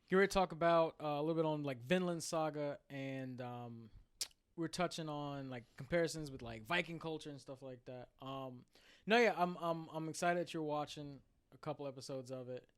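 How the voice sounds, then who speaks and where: A man co-hosting a casual podcast, retelling a story in animated, slang-filled chat. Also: on the high side, clear, resonant tone. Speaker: podcast co-host.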